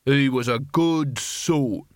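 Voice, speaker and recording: A man voicing a blunt old barbarian who grumbles flatly. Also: mid-range voice, takes it slowly, no room sound, studio quality, lightly acted.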